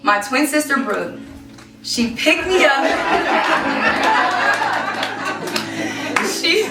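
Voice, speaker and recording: A young woman from Kansas City, Missouri, telling her own story in a one-woman stage show, lively and playful. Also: high-pitched. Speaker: solo performer. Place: stage in a performance space. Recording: roomy live stage, distant mic, music.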